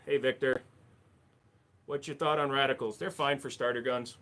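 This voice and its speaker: A man's voice: mid-range voice, steady tone, normal speed, a bit bright. A man hosting a casual livestream, reading chat messages aloud and answering with crude jokes. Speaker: livestream host.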